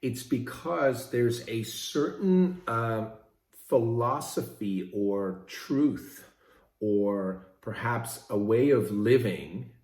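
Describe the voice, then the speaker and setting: A man's voice: medium pitch, drawn-out words, darkish tone, roomy sound. A middle-aged man from Switzerland gives a casual motivational talk to camera, speaking conversationally and often checking in with "right?". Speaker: vlogger.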